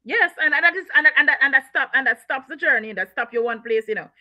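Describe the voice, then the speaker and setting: A woman's voice: sits high, expressive, fast talker, lo-fi sound. A woman guest author in a conversational interview, often repeating herself and laughing as she talks.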